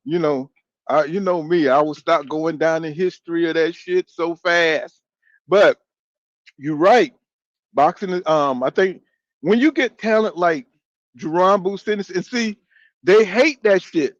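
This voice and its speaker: A man's voice: a little high, unhurried, no echo, dull audio. A man in his fifties hosting a boxing channel, chatting loosely and profanely while reading out viewer comments. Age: 50s. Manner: loose, profane, talks back to chat. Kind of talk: casual live-stream chat reading comments.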